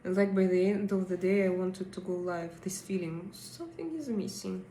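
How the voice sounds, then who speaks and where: A woman's voice: on the low side, normal speed, mellow, roomy sound, a little hiss or hum. A woman with a Russian accent, hosting a casual live stream, chatting with her viewers and reading their comments, with many fillers and hesitations. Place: home in Denmark.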